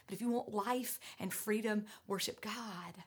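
A woman preaching a sermon, out of breath, earnest and emphatic, moving between loud urging and hushed lines. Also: medium pitch, measured pace, husky.

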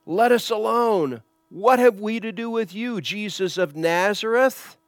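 A man voicing a frightened unclean spirit, crying out in loud, strained, high-pitched tones. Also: unhurried, dry recording, clean studio sound. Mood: alarmed.

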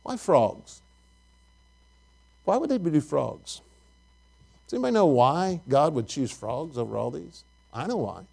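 Middle-aged preacher, man with a high voice, folksy, animated storyteller. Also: unhurried, vocal fry, long pauses, slightly rough. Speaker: pastor. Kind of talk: sermon.

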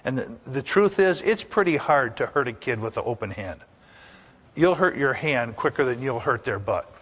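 An older man preaches to his congregation in a folksy, storytelling manner. He keeps turning to the room with rhetorical questions and homespun anecdotes, his pitch sitting in a plain middle range. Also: expressive, moderate pace, fairly bright tone. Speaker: pastor. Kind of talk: sermon.

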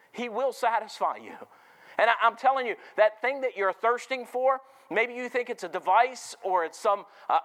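A middle-aged male preacher with a high voice delivers a sermon in a church full of people. He tells stories and keeps turning to the congregation with questions. His pitch climbs and swoops as he builds his points. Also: fairly bright tone. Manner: storytelling, asks the congregation questions.

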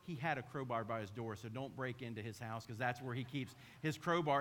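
A middle-aged man preaching as a pastor, telling a self-mocking story in an animated way. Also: a little high, fairly quick. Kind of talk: sermon.

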